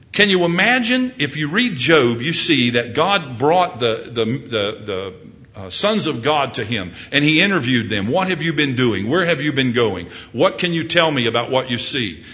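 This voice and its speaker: A man preaching an earnest sermon, pressing the listeners with rising questions and closing in a soft, hushed prayer. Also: fairly high pitch. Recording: dull lo-fi recording.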